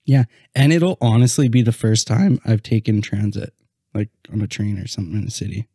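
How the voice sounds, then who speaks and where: A young man and student co-hosting a casual podcast, explaining ideas calmly and answering in short replies. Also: on the low side, fairly quick, husky, dry recording, clean studio sound. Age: young adult, a student. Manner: calm, explains plainly, brief replies. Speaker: podcast co-host. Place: home, on a couch.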